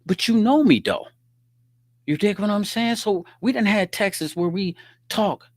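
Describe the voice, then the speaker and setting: A man hosting his own podcast, telling a story in a casual, animated way and reading out text messages. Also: high voice, measured pace, no echo. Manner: animated, reads out text messages, frequent "you dig what I'm saying". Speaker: podcast host.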